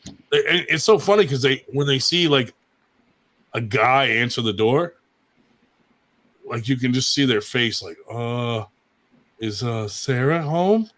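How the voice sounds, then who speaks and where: A man in the middle of an evening chat, telling crude, rowdy stories with heavy swearing and his own laughter breaking in. His voice sits at an ordinary pitch. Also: measured pace, long pauses, fairly bright tone. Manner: crude, profane, laughing storyteller. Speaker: show regular. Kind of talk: casual chat, storytelling.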